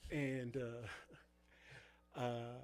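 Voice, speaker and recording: A man chats casually as a youth pastor, telling van stories from ministry trips. His delivery rambles, packed with fillers and false starts, in a mid-pitched everyday voice. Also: level tone, drawn-out words, a little mellow. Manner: rambling, full of fillers and restarts. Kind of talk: casual storytelling chat.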